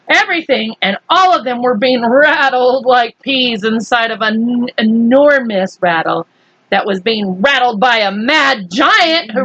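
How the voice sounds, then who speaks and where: Woman reader for a kids' storybook, high bright voice, slow and playful, dry dull sound. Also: no echo. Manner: animated, playful, laughs often, acts out shouts. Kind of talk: reading a children's book aloud with asides.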